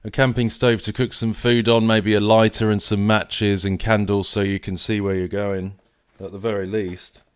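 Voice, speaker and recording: A man's voice: lowish voice, flat delivery, normal speed, few pauses, smooth. A man from near London with an English accent, hosting a live stream in a casual, rambling way with many fillers and restarts. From England, near London.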